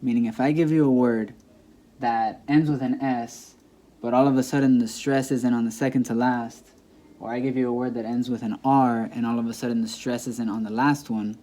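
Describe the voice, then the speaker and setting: A man teaching a language lesson in a patient, repetitive way, saying example words aloud several times so the stress is clear. His voice is mellow and dark, at a middle pitch for a man. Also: fairly even intonation, moderate pace. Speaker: Spanish teacher. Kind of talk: classroom-style lesson explaining grammar.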